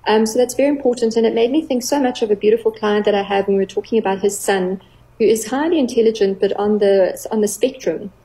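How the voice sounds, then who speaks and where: A middle-aged woman, a clinical psychologist, explaining earnestly on a radio talk show, with gentle playful examples. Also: medium pitch, fast, rough recording.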